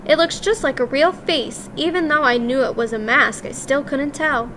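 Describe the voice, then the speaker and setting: A woman's voice: high-pitched, moderate pace, slight background noise. A woman voicing a loving, worried old grandmother who speaks tenderly. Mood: grave. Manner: warm, doting and tender.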